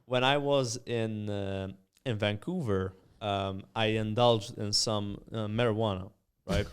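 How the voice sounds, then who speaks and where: A young man with a Maltese accent, a streamer who tells animated stories with lots of "uh" and "like" as a podcast guest. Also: fairly low pitch, unhurried, smooth. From Malta. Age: young adult. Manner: animated storyteller, many fillers. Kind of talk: casual storytelling chat.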